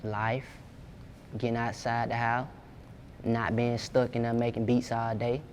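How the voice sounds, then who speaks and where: A man's voice: mid-range voice, monotone, unhurried, darkish tone. Young guy, music producer, chill slangy cussing talk, bit of background hiss. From Georgia, USA. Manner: laid-back, slangy, profane. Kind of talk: casual interview.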